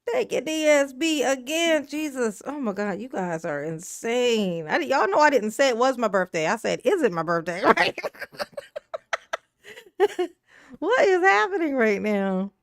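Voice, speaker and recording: A woman with a high-sitting, sing-song voice speaks at a measured pace while hosting a casual live stream. She reads viewer comments aloud, laughs often, and talks in a slangy, emotional way, captured in studio quality with no echo.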